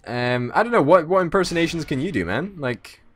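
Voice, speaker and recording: A man's voice: fairly high pitch, expressive, a little fast, soft background music. A man hosting a let's play, bantering casually and swearing freely in mock outrage on a voice call.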